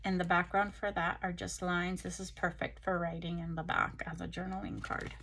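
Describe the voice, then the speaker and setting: A tired woman chatting casually through a craft haul, relaxed and full of ums and pauses, recorded on a phone. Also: lowish voice, vocal fry. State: tired, yawning. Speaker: craft vlogger. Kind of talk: casual show-and-tell chat.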